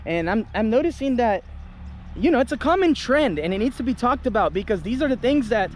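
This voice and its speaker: A man's voice: very high-pitched, sing-song, brisk, slight background noise. A young man, a travel vlogger, ranting casually to camera, heated and indignant, swearing freely. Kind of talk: casual vlog rant to camera.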